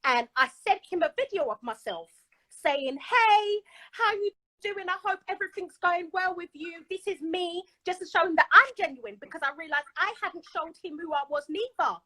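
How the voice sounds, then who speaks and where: A woman telling a dramatic personal story in an excitable, animated way. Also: very high-pitched, normal speed, no echo, low-quality recording. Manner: excitable, dramatic retelling with voices. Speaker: caller telling her story. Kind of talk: animated storytelling on a live stream.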